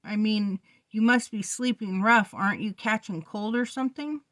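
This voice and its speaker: A woman's voice: medium pitch, moderate pace, a bit bright, no room sound, lightly acted. A woman reading a novel aloud and voicing a cautious teenage boy who speaks hesitantly and tries to placate. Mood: placating. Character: cautious teenage boy, trying to stay calm.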